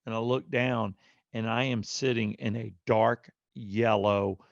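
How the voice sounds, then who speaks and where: A man with a gravelly, creaky voice tells a casual story on a podcast. He leans into the quotes and gives each person in it an animated voice of their own. The sound is dry and a little dull. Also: on the low side, slow pace, no room sound. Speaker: podcast co-host.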